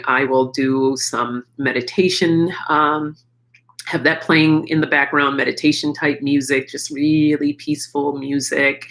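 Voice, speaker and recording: Frank middle-aged woman with a gravelly voice. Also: rumbling low, fairly bright tone, poor audio. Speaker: livestream host. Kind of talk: candid live chat.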